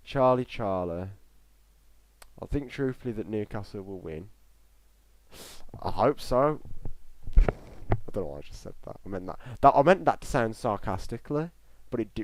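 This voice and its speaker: A man's voice: lowish voice, slight background noise. A young man giving live, chatty football reaction commentary on a stream, rambling between play calls and chat replies.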